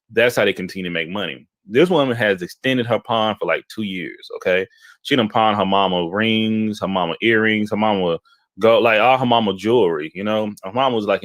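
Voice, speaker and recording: A man from Houston, Texas, co-hosting a casual chat and telling animated, rambling anecdotes, often checking in with "okay?". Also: fairly low pitch, no room sound. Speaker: podcast co-host.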